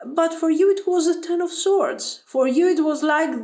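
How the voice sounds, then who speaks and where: A woman's voice: extremely high pitch, a little slow, darkish tone, roomy sound. A woman giving a pick-a-card tarot reading to her viewers. She talks emphatically and with some exasperation, addressing them directly. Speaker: tarot reader.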